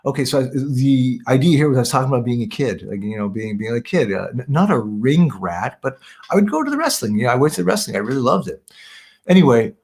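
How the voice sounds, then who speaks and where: A man from Canada with a gravelly, creaky voice at an ordinary male pitch. He talks casually as an interview guest, circling back, correcting himself and dropping in "yeah, yeah". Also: sing-song, fast, darkish tone. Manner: rambling, self-correcting, repeats "yeah, yeah".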